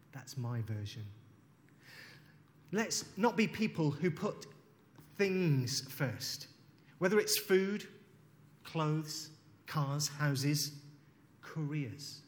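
A man's voice: a little high, lively intonation, extremely slow, pauses often. A man preaching a sermon, reflective, reading scripture aloud and unpacking it. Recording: long hall reverb.

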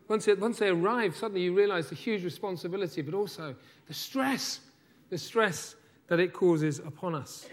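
A man preaching a sermon in a conversational, thoughtful way, often restarting his phrases. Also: high-pitched. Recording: church hall with long reverb.

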